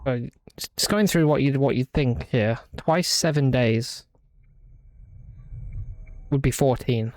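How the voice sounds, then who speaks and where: A man streaming a horror game, thinking aloud through a puzzle with halting restarts and puzzled muttering. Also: medium pitch, darkish tone, no room sound. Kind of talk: live gameplay commentary, thinking aloud.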